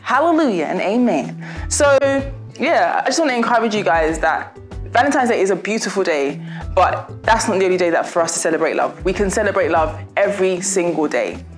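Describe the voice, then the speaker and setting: A young woman vlogger, chatty and laughing as she gives warm, preachy advice in a casual talk to her viewers. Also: fairly low pitch, lively intonation, fairly quick, faint music behind.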